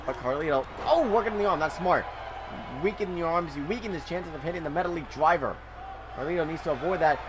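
A man hosting a channel and giving excited play-by-play commentary of a wrestling video game, often shouting. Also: a little high, quick pace. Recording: game crowd noise behind. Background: game crowd noise.

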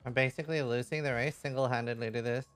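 A man's voice: mid-range voice, steady tone, quick pace, a bit bright, faint music behind. A male streamer playing a game live, exasperated and complaining as viewers sabotage him. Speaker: streamer and gamer. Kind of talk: casual live-stream play.

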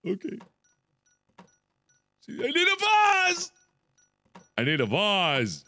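Young guy doing a lets play, bright voice, goes from mumbling to freaked-out shouting all over the place. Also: sits high, moderate pace, long pauses, no echo. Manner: excitable, swings from muttering to panicked yelling. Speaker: gaming video host. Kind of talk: let's-play game commentary.

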